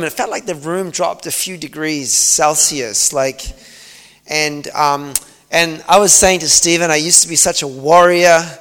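A man's voice: on the high side, fairly bright tone. A man preaching a sermon, telling a story in an earnest, reflective way with many fillers. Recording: long hall reverb.

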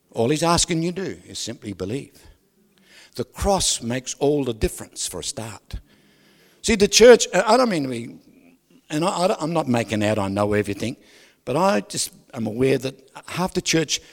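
A male pastor preaching a lively sermon, asking the congregation questions and swinging from loud to soft. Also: on the high side. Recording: reverberant hall.

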